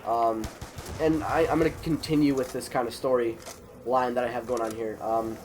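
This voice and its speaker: A man's voice: mid-range voice, normal speed, background noise. A teenage boy with a cold, animatedly retelling a school story and acting out the other people's lines. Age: teens. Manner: animated, retelling with quoted voices. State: sick, a bit congested. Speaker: vlogger. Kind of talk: casual storytelling.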